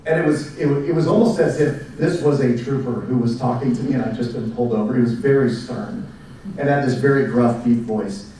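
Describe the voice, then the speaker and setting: Relaxed man in his forties, echoey hall. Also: medium pitch, fairly quick, slight background noise. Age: 40s. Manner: relaxed storytelling with fillers. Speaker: presenter. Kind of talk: speech to educators. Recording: echoey room, mic at a distance.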